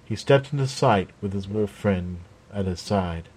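A man narrating a fantasy story aloud with a steady, even reading. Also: fairly low pitch, a little slow, breathy edge.

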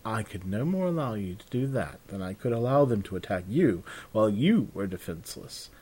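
A man's voice: on the low side, big pitch swings, brisk, mellow, husky. A man doing a courtly, unflappable male bard. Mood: formal. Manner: polite, formal, mildly amused.

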